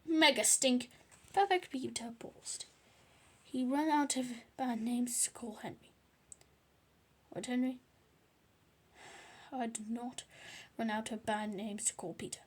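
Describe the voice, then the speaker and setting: A woman's voice: a little high, takes it slowly, long pauses, slightly rough. A woman reading a children's book aloud, adding chatty asides. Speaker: storyteller.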